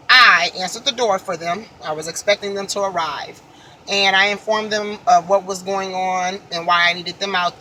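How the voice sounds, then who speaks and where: A woman's voice: lowish voice, bright, forceful tone, a little hiss or hum, rough recording. A woman from Illinois earnestly recounting a personal experience in casual storytelling, her voice rising as she reenacts the dialogue. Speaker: vlogger telling a personal story.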